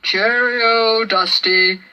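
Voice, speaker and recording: A woman voicing a huge, gentle male brontosaurus in a children's storybook, slow and fatherly. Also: a little high, steady tone, clean tone, lo-fi sound, exaggerated voice. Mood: fond. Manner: slow, warm-hearted, fatherly. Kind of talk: storybook reading.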